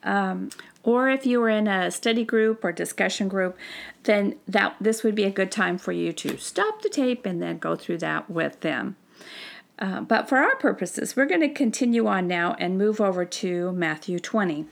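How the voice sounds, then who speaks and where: A woman leads a recorded Bible study lesson in a mid-pitched voice with a gravelly, creaky edge. She explains scripture in a relaxed, conversational way and often pauses with fillers and restarts her sentences. She sounds like a teacher speaking to a study group.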